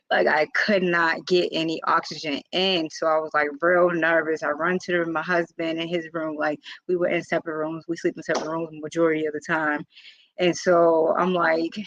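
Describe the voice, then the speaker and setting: A woman's voice: sits low, little pitch movement, moderate pace, fairly bright tone, dry recording. A woman vlogger telling a personal story in a casual, earnest way, with lots of informal fillers. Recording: slightly dull, dry lo-fi recording.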